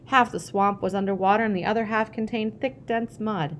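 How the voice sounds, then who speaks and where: A woman reading a childhood memoir aloud, lively when she acts out family dialogue. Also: mid-range voice, fairly quick, slight background noise. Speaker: reader.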